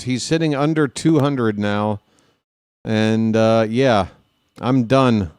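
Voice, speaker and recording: A man calls a baseball game for a fan channel, drifting into joking tangents between pitches. He talks at an unhurried pace with pauses between calls. His voice is dry and close, with no room around it. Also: darkish tone, smooth, dry recording. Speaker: play-by-play announcer. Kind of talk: fan-made live play-by-play commentary.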